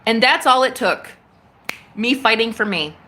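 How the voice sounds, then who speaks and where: A woman's voice: fairly high pitch, expressive, a little slow, pushed and bright, slight background noise. A woman hosting a livestream, talking casually about spirituality and acting out phone calls in quoted voices. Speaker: livestream host.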